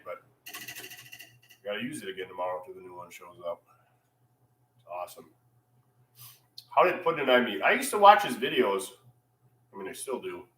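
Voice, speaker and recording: A man's voice: mid-range voice, pushed and bright, roomy sound, poor audio. A man hosting a casual livestream from his repair shop, rambling and reading viewer comments aloud. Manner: laid-back, rambling, reads chat aloud. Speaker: channel host.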